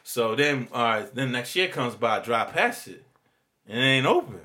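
A man telling a story in casual chat, slangy and animated, jumping his voice up to act out quoted people. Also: medium pitch, normal speed.

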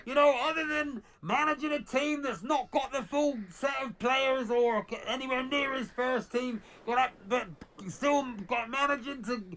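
A man's voice: very high-pitched, moderate pace, few pauses, a bit bright, voice pushed up. A man voicing a grumpy old male football fan, sarcastic and exasperated, swearing constantly in a comedy sketch. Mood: grumbling. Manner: sarcastic, exasperated, keeps saying "bloody hell".

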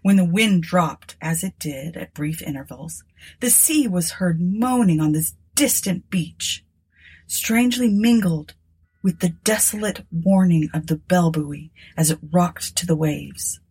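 Husky expressive woman narrator. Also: lowish voice. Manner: expressive, dramatic reading. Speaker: audiobook narrator. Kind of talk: scripted narration of a gothic story.

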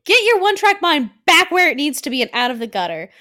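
A woman's voice: high-pitched, big pitch swings, bright, forceful tone. A woman co-hosting a podcast, joking her way through a casual recap of a TV show. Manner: playful, jokey, quick asides. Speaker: podcast co-host.

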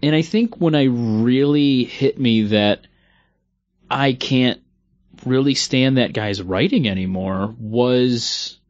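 A man co-hosting a casual podcast chat, relaxed and reflective. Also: medium pitch, slow, no room sound. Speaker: podcast co-host. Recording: dry lo-fi sound.

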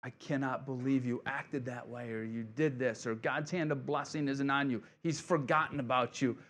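A man's voice: medium pitch, fairly even intonation, moderate pace, a bit bright, natural voice. A male pastor voicing the devil as a taunting tempter who belittles and accuses the listener.

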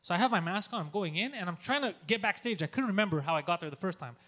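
A man telling a story on a podcast in a casual, animated way, swearing a lot and acting out his own yelling. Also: high voice, rapid-fire. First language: Greek. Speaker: podcast co-host.

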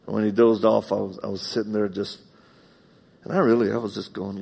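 A man preaching a live sermon in a church, telling personal stories heartfelt, moving between loud, emphatic bursts and hushed, quiet passages. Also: fairly low pitch, flat delivery, fairly quick, gravelly, slightly rough. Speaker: pastor. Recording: long reverb of a large hall.

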